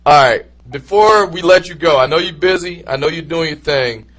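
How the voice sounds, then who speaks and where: A man hosting a podcast interview, excitable and quick to laugh. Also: on the high side. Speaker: podcast host.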